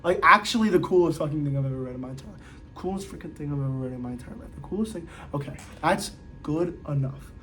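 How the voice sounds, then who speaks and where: A young man reviewing manga in a casual vlog, excitable, swearing often and saying "like" a lot. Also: on the high side, very fast.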